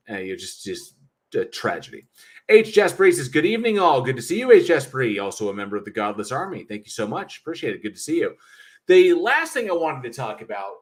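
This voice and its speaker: A man's voice: mid-range voice, fairly bright tone. Casual, profane man streaming chat. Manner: rambling, profane, chuckling as he reads chat. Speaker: livestream host. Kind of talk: casual livestream chat reading viewer comments.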